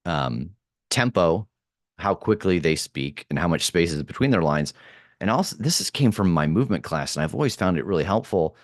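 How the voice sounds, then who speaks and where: A man's voice: low-pitched, dry recording, clean studio sound. A man who produces podcasts and acts, talking casually in an interview, thoughtful, with many fillers and restarts.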